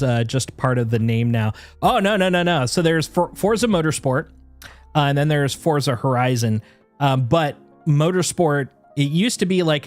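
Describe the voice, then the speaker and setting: A man's voice: mid-range voice, dry recording. A man streaming a game, chatting casually and rambling with lots of fillers and restarts. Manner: baby-talk to his dog. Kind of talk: casual chat while gaming.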